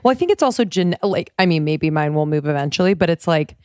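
A woman's voice: deep voice, expressive, quick pace, darkish tone, dry recording, studio quality. A young adult woman co-hosting a podcast, blunt and casual, swearing offhandedly. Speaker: podcast co-host. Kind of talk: casual chat.

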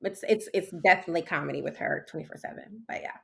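A woman performer guesting on a podcast, telling a story in a lively, animated way. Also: sits low, quick pace, gravelly. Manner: animated storyteller, imitates others. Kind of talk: casual chat.

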